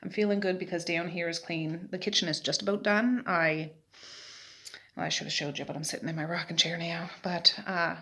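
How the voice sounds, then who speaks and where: Her voice is fairly low, steady and sharp, and she talks briskly: a middle-aged vlogger and mother from Nova Scotia rambling about her day. She sits in a rocking chair at home, filling her casual stories with plenty of fillers.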